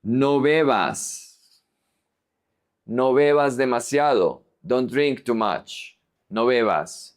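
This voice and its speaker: A man teaching a language lesson, modeling each example word slowly and repeating it for practice. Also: medium pitch. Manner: slow, deliberate modeling of words. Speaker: Spanish teacher.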